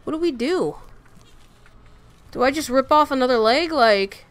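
A woman playing through a video game, reacting out loud with emotional exclamations in casual commentary. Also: high-pitched, animated, measured pace. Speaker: let's play gamer.

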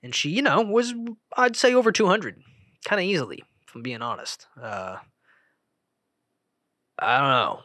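A young man hosting a solo podcast, rambling and interrupting himself, jumping between loud remarks and mumbled asides. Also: fairly high pitch, big pitch swings, moderate pace, pauses often, dry recording. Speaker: podcast host.

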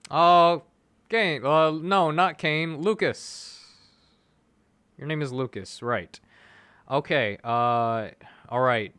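A man casually commentating a mobile game stream, excitable and rambling as he thinks aloud. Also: medium pitch, slow, smooth.

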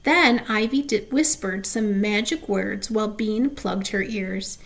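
A woman reading a children's chapter book aloud, gently, with small asides and slips. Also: mid-range voice, a little slow, creaky. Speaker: storybook reader.

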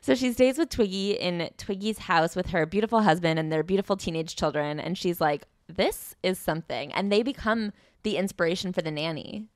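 A young woman comedian co-hosts a podcast and recaps a memoir in a dry, sarcastic way. Her voice is on the lower side, recorded close with no room sound. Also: fairly quick, few pauses, no room sound. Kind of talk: casual comedic book-club chat.

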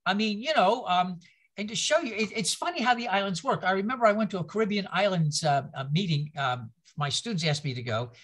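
An older man with a high, a bit bright voice gives a conversational Bible-class lecture at a slightly fast clip and with lively intonation. He tells rambling stories with self-mocking humor, often repeating words and restarting sentences.

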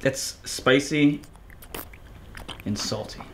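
A man's voice: medium pitch, extremely slow, noisy background. A man hosting his channel, chatting casually and bluntly with lots of swearing and teasing. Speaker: channel host. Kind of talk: casual chat while taste-testing.

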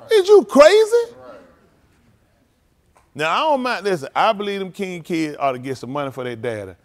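A middle-aged male pastor preaching loudly in a joking, colloquial way, laughing often and drawing responses from the congregation. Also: high voice. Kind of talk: animated sermon with joking asides.

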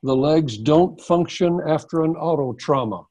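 A man who hosts a massage-therapy teaching webinar, explaining in a measured way with pauses, heard over a video call. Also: a little high, a little mellow, dry recording. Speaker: massage instructor hosting a webinar. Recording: dull lo-fi webinar audio.

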